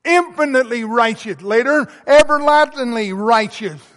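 Preaching at a moderate pace in a large hall, a male pastor with a very high voice delivers an emphatic sermon. He builds to loud emphasis, then falls back to softness, his delivery constantly rising and falling.

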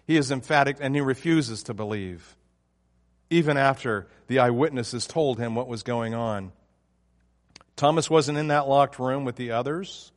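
A man's voice: mid-range voice, moderate pace, in a large hall. A man preaching a sermon, emphatic and often restarting his phrases. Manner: emphatic, with frequent restarts and fillers.

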